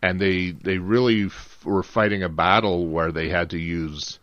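A man's voice: low voice, steady tone, a little slow, a bit bright, dry recording. A man co-hosting a casual film podcast, rambling and restarting his sentences. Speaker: podcast co-host. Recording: dull, lo-fi dry sound.

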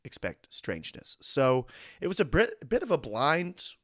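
Lively, chatty man on a podcast. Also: mid-range voice, moderate pace, dry recording, studio quality. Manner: animated, chatty storytelling. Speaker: podcast co-host. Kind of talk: casual movie podcast chat.

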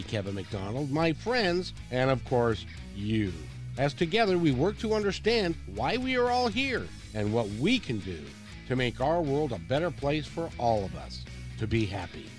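Upbeat, lively-pitched radio host man. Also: normal speed, faint music behind. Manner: enthusiastic, playful, swoops in pitch. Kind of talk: upbeat morning talk radio.

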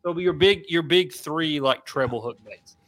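A man's voice: a little high, normal speed, fairly bright tone. A man guesting on a casual fishing podcast, laid-back and joking. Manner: laid-back, laughing, jokey.

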